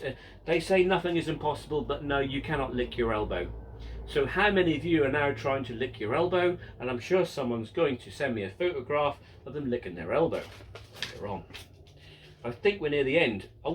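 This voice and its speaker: A man's voice: mid-range voice, expressive, moderate pace, distant mic, slight background noise, rough recording. Jokey man in his fifties. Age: 50s. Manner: jokey and self-mocking, many ums and restarts. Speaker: model railway channel host. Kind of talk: casual Q and A, reading out viewer questions.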